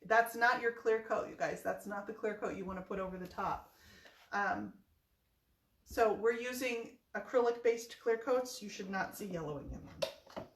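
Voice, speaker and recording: A woman's voice: medium pitch, normal speed, echoey room, a little hiss or hum. A woman hosting a casual furniture painting tutorial in her home workspace, chatty and playful, repeating her key tips.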